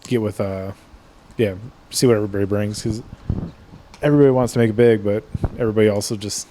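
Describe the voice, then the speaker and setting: Lowish voiced guy on a podcast, trails off a lot, swears, bit of hiss behind. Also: fairly even intonation, quick pace, warm tone. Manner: trailing off, mumbly, blunt and profane. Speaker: podcast co-host. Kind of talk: casual chat.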